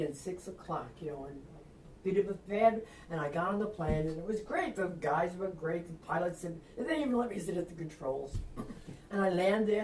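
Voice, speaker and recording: A woman's voice: fairly low pitch, darkish tone. An older woman from Long Island with a Long Island accent, an author telling a story in an interview, acting out quotes and laughing often. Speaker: author guest. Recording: echoey room, distant mic, faint noise.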